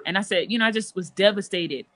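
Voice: medium pitch, fast talker, fairly bright tone. A gospel singer guest telling a personal testimony in conversation, earnest and emotional, with frequent restarts.

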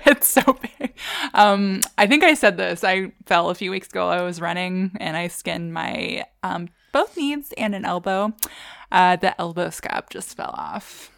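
A young woman co-hosting a podcast in casual chat, quick to agree and prone to giggly asides. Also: fairly low pitch, creaky, a bit bright. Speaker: podcast co-host.

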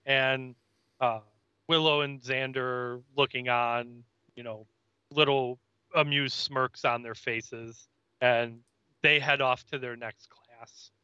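Bright, crisp-voiced man recapping an episode. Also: medium pitch, fairly even intonation, slow, no echo, highs cut off. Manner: retells scenes, acting out character lines. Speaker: podcast co-host. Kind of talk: casual recap chat.

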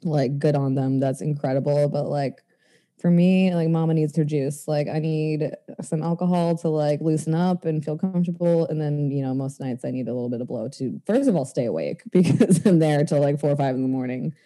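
A woman's voice: deep voice, brisk, dark tone. A young woman from Maine, a guest joking crudely and laughing often in a casual podcast chat. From Maine, USA. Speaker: stripper and comedian guest.

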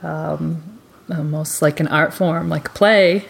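A woman with a notably low voice discussing a book on a podcast. She speaks in a measured, thoughtful way and pauses now and then with small fillers. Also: steady tone, gravelly. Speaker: podcast co-host.

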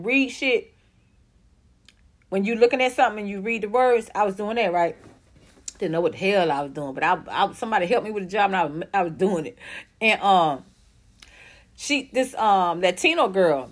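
A young woman ranting profanely as a commentary host, blunt and heated, jumping between fast outbursts and slow stressed words. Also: mid-range voice, fairly bright tone.

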